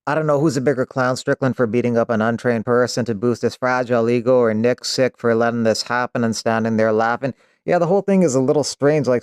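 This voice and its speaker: A man's voice: medium pitch, a little mellow, clean tone, no echo, studio quality. A man hosting an MMA news show, reading fight updates and adding wry, sarcastic asides.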